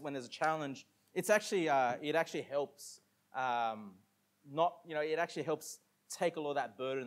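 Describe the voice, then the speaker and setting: Man preaching a conversational sermon. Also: mid-range voice. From Australia. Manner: conversational, reads scripture slowly and loudly. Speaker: pastor. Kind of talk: sermon with scripture reading.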